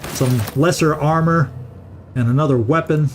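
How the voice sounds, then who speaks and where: A man's voice: on the high side, moderate pace, slight background noise. Chatty middle-aged man narrating gameplay. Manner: chatty, thinks aloud, repeats words when restarting. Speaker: gaming channel host. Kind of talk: casual let's-play commentary.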